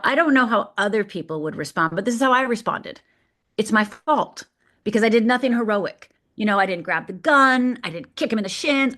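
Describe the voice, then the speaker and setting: A middle-aged woman from Michigan tells her own story as a podcast guest. She speaks vividly and lets key moments land with deliberate pauses. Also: mid-range voice, a bit bright. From Upper Peninsula of Michigan. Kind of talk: telling a personal story on a podcast.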